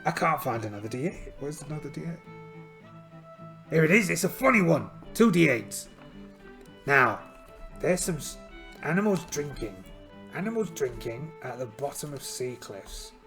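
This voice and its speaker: Gravelly Englishman playing a pirate game. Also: a little high, very animated, normal speed, pauses often. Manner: chatty, self-mocking, hammy pirate talk. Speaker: solo tabletop game player. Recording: light music underneath.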